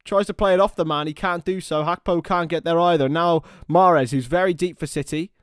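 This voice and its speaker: A young man giving live partisan football commentary on a watchalong stream, excitable and prone to shouting. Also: a little high, a little fast, clean tone, no room sound, clean studio sound.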